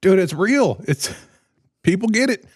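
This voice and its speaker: Male podcast co-host, mid pitch, lively and ranting, dry close sound. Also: a little slow, dry recording. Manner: animated, ranting, laughs at his own jokes. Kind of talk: casual chat.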